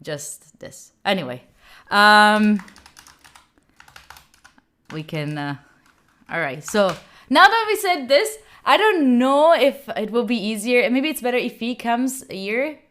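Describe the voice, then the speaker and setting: A young woman from Italy with an Italian accent, chatting casually with her livestream viewers. She is animated, laughs often and reads chat messages aloud. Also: a little high, slow pace, pauses often. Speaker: streamer.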